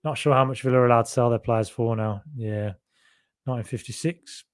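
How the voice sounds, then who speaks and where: Reading out viewer comments on his relaxed podcast, a young man from the Birmingham area, Solihull specifically, rambles and corrects himself as he chats. His faded local accent comes through in a smooth, medium-pitched voice. The tone is steady and the pace slightly quick.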